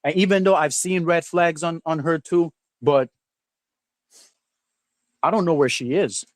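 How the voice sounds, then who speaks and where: A man hosting a livestream, chatting casually in a rambling, halting way with lots of fillers and restarts, sometimes with his mouth full. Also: a little high, no echo. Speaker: livestream host. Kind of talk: rambling casual stream chat.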